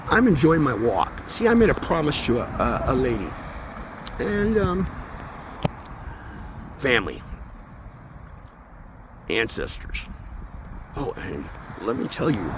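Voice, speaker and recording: A man walking outdoors and talking into his phone in an intense, rambling spiritual monologue, swearing often and swinging between mumbles and loud outbursts. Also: medium pitch. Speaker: vlogger. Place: outdoors near traffic, walking. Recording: outdoor phone audio with street noise.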